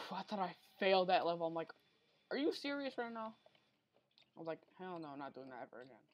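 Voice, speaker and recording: A woman's voice: lowish voice, expressive, a little fast. A woman giving unscripted gameplay commentary during a speedrun attempt, rambling, talking to herself and getting easily frustrated. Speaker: gamer recording a speedrun attempt.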